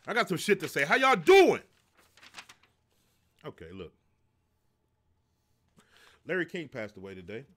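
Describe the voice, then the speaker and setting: A man's voice: mid-range voice, big pitch swings, moderate pace, long pauses, pushed and bright. A middle-aged man hosting a live stream, talking loosely and profanely, joking and reading chat messages aloud. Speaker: live show host. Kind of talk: casual live-stream talk.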